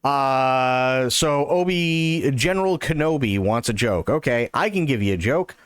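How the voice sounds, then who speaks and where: A man's voice: medium pitch, expressive, unhurried, smooth, no room sound. A male livestreamer in casual conversation with his chat, thanking viewers one by one. He has a mid-range voice. The sound is dry and close on a desk mic. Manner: chatty, thanks chat warmly.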